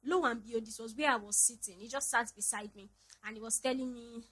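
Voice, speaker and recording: A young woman with a Nigerian English accent, hosting a podcast and telling a personal story in an animated, dramatic way. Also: a little high, a little fast, rough recording. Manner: animated, dramatic, laughing retelling. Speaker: podcast host. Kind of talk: casual storytelling monologue.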